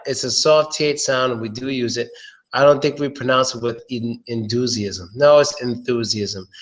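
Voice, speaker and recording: A man giving a casual live-streamed pronunciation lesson. He repeats words slowly and curses offhandedly. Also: medium pitch, fairly bright tone. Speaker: English pronunciation tutor.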